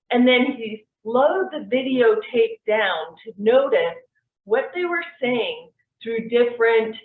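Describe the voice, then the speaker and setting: A woman teaching an online course, explaining things in a relaxed, conversational way with frequent fillers. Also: medium pitch. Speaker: NLP course instructor. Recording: tinny, echoey, distant mic.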